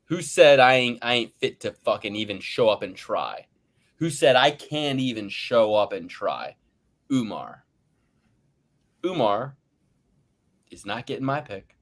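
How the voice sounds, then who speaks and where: A man co-hosting a podcast, ranting loudly and boastfully with big swings in pace and pitch and frequent laughter. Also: expressive, unhurried, long pauses. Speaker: podcast co-host. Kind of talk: profane ranting fight predictions.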